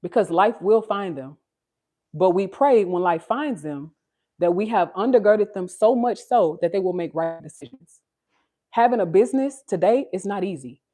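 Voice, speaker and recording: A woman's voice: expressive, moderate pace, warm tone. A woman from Texas hosting a casual livestream from home on her phone. She talks straight to her viewers in an earnest, preachy way. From Texas, USA. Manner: high sing-song baby talk to her child. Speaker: livestream host.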